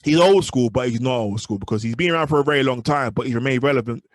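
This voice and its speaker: Young guy rattling on quick, dry close mic, lots of you know what i mean. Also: mid-range voice, no room sound. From United Kingdom. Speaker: rapper guest. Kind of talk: casual interview chat.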